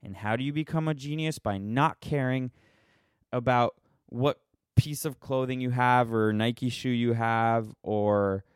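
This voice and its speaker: Speaking a little slowly at a medium pitch, this male vlogger delivers a casual opinion rant to his audience. His tone is clear and resonant, his manner sarcastic, rambling and self-mocking, and the studio-quality recording carries no room sound.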